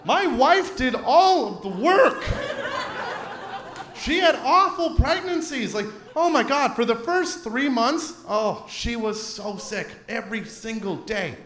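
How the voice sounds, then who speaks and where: A man with a Canadian accent doing a stand-up comedy set, acting out characters with shouting bits. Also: extremely high pitch, slow. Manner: animated, acts out shouting characters. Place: theater stage before a live audience. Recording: roomy venue with loud crowd laughter.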